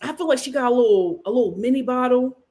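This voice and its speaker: A woman's voice: high-pitched, fast talker, a little mellow. A woman in her thirties giving casual live-stream commentary on a reality show, sassy and opinionated, laughing often. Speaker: reality TV reviewer.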